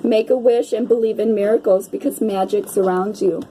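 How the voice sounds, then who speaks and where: Chatty female card reader, mellow tone, gushes and swears casually, faint background hiss. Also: mid-range voice, fairly even intonation, normal speed, poor audio. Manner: gushing, chatty, peppered with "right?" and mild swearing. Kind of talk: casual card-reading chat to viewers.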